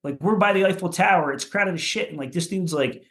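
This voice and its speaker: A man's voice: high voice, brisk, a bit bright. A man from Philadelphia, a punk musician guest on a podcast, telling stories in a rambling way with lots of swearing and "like" fillers. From Philadelphia, USA. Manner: rambling, profane, many "like" fillers. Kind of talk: casual chat.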